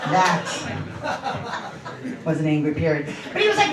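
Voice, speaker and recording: A woman's voice: low voice, normal speed, pauses often. A middle-aged woman performing a stand-up comedy set on a club stage, telling sardonic stories about marriage and her sons. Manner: animated, sardonic storytelling. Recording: roomy club, distant mic, crowd laughter.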